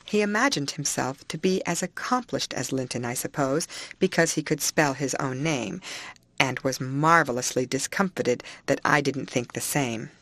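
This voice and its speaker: A woman reads a classic novel aloud with a low, steady voice and a measured pace. She is recorded close to the mic in a dry room. The sound is plain and even. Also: no room sound. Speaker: audiobook reader.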